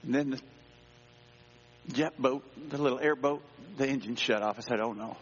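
A male pastor telling a personal story in a sermon, dramatic, dropping to a hush and rising again. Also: mid-range voice, normal speed, breathy edge. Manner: dramatic, swings between hushed and raised voice. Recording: dull sound with long hall reverb.

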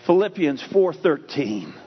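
A man's voice: on the high side, sing-song, measured pace, breathy edge, faint music behind. A man preaching a sermon, emphatic and repetitive, shifting the stress from word to word. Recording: dull lo-fi sound with faint hum.

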